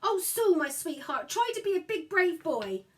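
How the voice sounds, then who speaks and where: A woman's voice: very high voice, sing-song, moderate pace, pitched above the performer's own voice. A woman voicing a stern, harried mother of a large family, gasping and exasperated.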